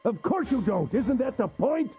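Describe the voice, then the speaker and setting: An actor playing a sadistic, mocking male captor who speaks with gentlemanly politeness in a video game. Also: very high-pitched, big pitch swings, normal speed, faint music behind, poor audio. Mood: taunting. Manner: polite, taunting, cackling.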